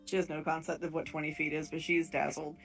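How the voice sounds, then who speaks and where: A woman with a somewhat low voice running a tabletop horror game. She narrates in a casual, animated way, with easy laughs. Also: fast, creaky, breathy edge, faint music behind. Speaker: game master.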